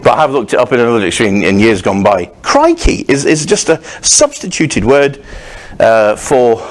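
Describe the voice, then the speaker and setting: A man preaching a sermon as pastor, talking in a conversational, wandering way with frequent restarts and humorous asides. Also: on the low side. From Scotland.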